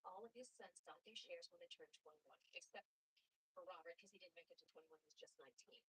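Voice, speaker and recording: An actress playing a sharp, methodical police sergeant in a TV crime drama, laying out the facts step by step. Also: female voice, lowish voice, fast talker, slight background noise, lightly acted, poor audio. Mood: explaining. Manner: patient, explaining step by step.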